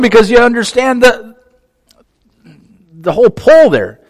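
A man preaching a sermon as pastor, animated, acting out quoted voices and dropping to near-whispers at the ends of phrases. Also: high voice, unhurried, pauses often. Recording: long reverb of a large hall.

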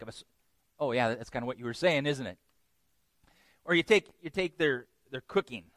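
A man at mid pitch reads scripture aloud and preaches as a pastor. His delivery is relaxed and conversational, and he often laughs at himself. He speaks from a church sanctuary. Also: dry recording, studio quality. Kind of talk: scripture reading and sermon.

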